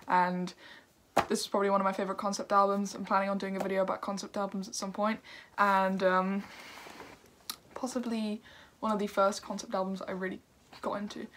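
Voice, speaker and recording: A woman's voice: medium pitch, creaky, fairly bright tone, a little hiss or hum. A young woman reviewing a record on her video channel, chatty and upbeat, with lots of fillers and little laughs. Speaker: music reviewer.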